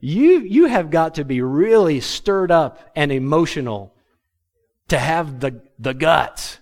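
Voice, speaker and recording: A man preaching a sermon to his congregation, animated and humorous, acting out the words of biblical figures. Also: on the high side, slow. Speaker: pastor.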